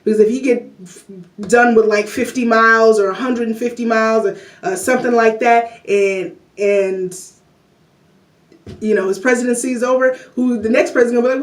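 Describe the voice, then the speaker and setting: Brief: rambling woman commentator, fairly high voice, echoey room, off-mic. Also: moderate pace. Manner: rambling, lots of "you know" and "like", laughs often. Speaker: vlogger. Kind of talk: casual political commentary. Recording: roomy echo, distant from mic.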